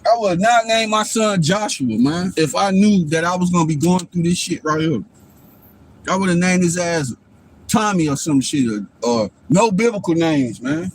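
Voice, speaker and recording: A man's voice: sits high, normal speed. A man, a father, talking in a rambling, profane and preachy way on his livestream, often asking if you follow him. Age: adult father. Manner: profane, preachy, keeps asking "you know what I'm saying". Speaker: livestream host. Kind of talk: rambling casual monologue.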